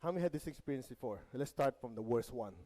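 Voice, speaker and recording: Teaching a spiritual lesson to people gathered live, a meditation teacher talks fast and animatedly in a warm, mid-range voice. He often checks on his audience, has them repeat lines after him, and tosses in light jokes, all on a rough recording.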